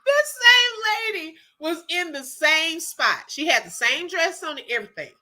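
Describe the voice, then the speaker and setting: A woman telling a story in casual chat to her viewers, animated and laughing often. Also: extremely high pitch, moderate pace. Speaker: livestream host chatting with viewers.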